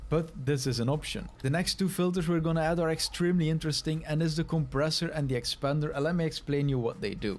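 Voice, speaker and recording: In a step-by-step screen tutorial, a man with a slightly high voice walks through streaming audio settings. He teaches by demonstration, speaking quietly and then shouting.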